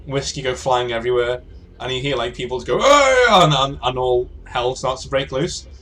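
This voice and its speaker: A man's voice: medium pitch, little pitch movement, moderate pace. A man acting as game master, narrating a tabletop role-play game in a hesitant way with many fillers and restarts.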